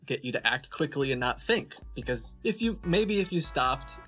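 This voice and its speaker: A man guest in a casual chat, talking calmly and reassuringly as he explains things. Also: fairly high pitch, moderate pace, soft background music.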